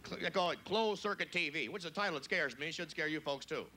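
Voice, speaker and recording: A man doing a brash, crude stand-up comedy routine on a club stage, shouting his punchlines in high, squeaky put-on voices. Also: expressive, quick pace. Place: club stage before a live audience.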